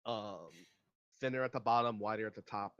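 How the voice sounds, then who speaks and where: A man narrating as game master of a tabletop game, relaxed and hesitant, with many fillers. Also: fairly low pitch, a little fast, smooth, lo-fi sound.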